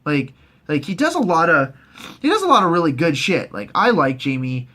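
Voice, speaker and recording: A man rattling off a casual, foul-mouthed recap of a TV season, rambling from one scene to the next. His voice sits a little on the high side. He keeps breaking into squeaky put-on voices for the characters. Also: wildly swooping pitch, moderate pace, sharp tone. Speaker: host.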